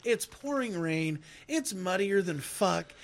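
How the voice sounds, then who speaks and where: A man co-hosting a podcast, telling profane, animated stories with friends and laughing through them. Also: high-pitched, slow, a little hiss or hum. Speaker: podcast co-host. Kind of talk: casual storytelling chat.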